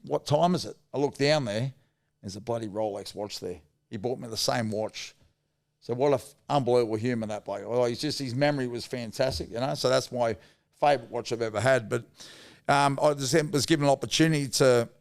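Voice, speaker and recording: Podcast guest: middle-aged Australian man, gravelly mid-range voice, casual rambling yarns. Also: medium pitch. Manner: blokey, rambling anecdotes with mild swearing. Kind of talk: casual storytelling.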